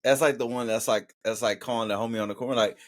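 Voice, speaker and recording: A man's voice: mid-range voice, steady tone, fast. A man co-hosting a casual podcast, joking around in a playful, slangy way. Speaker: podcast co-host. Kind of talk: casual comedic chat.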